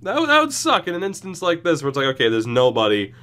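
A man's voice: on the high side, huge pitch swings, fast, pushed and bright, clean tone. A young man giving casual, rambling commentary on his hockey video game season, wry and often chuckling mid-sentence. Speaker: gaming YouTuber. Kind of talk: casual franchise-mode commentary.

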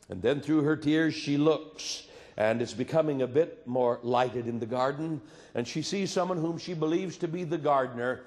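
A man preaching a sermon, retelling scripture with dramatic swings between loud emphasis and hushed quiet. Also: on the high side, normal speed, in a large hall.

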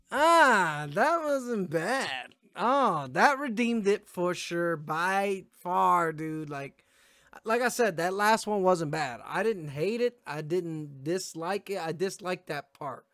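A man with a slightly high voice talks loosely and rambles through his thoughts on a track. His words come out casual and full of swearing. The sound is dry and close. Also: animated, takes it slowly, sharp tone, dry recording, soft background music. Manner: laid-back, rambling, swears often, yawning. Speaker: music reaction streamer. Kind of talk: casual reaction commentary. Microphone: gaming headphones setup.

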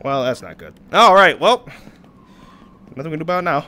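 A man streaming a game live, yelling reactions and making mock-heroic boasts at a desk mic. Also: on the high side, very animated, a little fast, pauses often.

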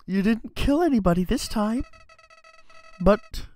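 A man's voice: sits high, sing-song, unhurried, a little mellow, soft background music. A man voicing a smug, sinister male talking flower from a game, in a mocking, sneering tone.

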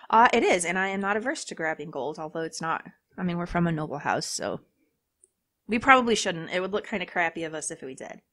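A woman giving chatty, animated commentary while playing a story game. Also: lowish voice, fairly quick. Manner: chatty and animated, talks to herself about choices. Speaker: game streamer. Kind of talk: let's play commentary.

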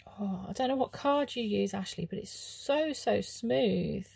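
Gushing woman with gravelly fry. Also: medium pitch, measured pace, no room sound. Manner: gushing, lots of soft oohs and ums. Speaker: craft vlogger. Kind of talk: casual unboxing chat.

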